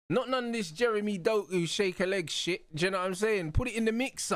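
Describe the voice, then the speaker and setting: A young man hosting a live football watch-along, talking excitedly in heavy slang and laughing loudly. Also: high-pitched, fast, hardly any pauses, no room sound. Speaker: host.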